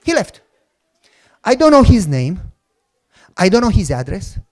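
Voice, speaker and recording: Preaching in a high-pitched voice at a measured pace, a middle-aged Romanian-accented pastor tells an animated, humorous story. He plays out both parts of the conversations, keeping the sermon energetic.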